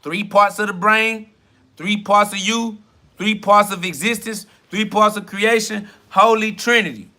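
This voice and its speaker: A man hosting a self-talk podcast, preaching in a combative, mocking and profane way, racing through some lines and drawing others out slowly. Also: sits high, fairly even intonation, sharp tone. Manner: shifts between rapid bursts and slow drawn-out emphasis. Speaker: podcast host.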